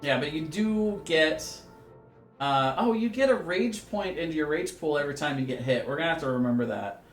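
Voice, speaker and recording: A man running a tabletop role-playing game as dungeon master, explaining rules in a relaxed way with many fillers. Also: a little high, brisk, roomy sound, soft background music.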